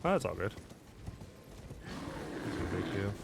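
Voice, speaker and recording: A man's voice: on the low side, very animated, measured pace, vocal fry, noisy background. A man streaming a video game, chatting casually, answering viewer chat and counting out workout reps between fights. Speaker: gaming streamer. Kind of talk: casual livestream chat while gaming.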